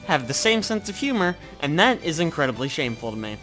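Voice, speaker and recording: A man's voice: fairly high pitch, sing-song, fast talker, fairly bright tone, soft background music. Sarcastic, crude gamer man. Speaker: let's play commentator. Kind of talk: reading a visual novel aloud with commentary.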